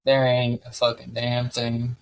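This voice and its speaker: A podcast co-host talks sports casually in a medium-pitched voice at a measured pace. He rambles, swears a lot, and gets excitable.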